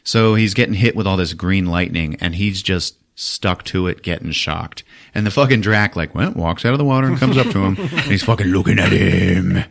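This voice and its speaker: A man hosting a podcast, retelling a movie in profane, animated casual chat. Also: low voice, fairly quick, hardly any pauses. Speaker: podcast host.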